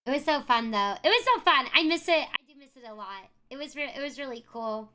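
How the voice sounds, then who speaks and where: A woman's voice: high voice, expressive, a little fast, pushed and bright. A young woman streaming live, chatting casually and effusively thanking viewers by name. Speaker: variety streamer.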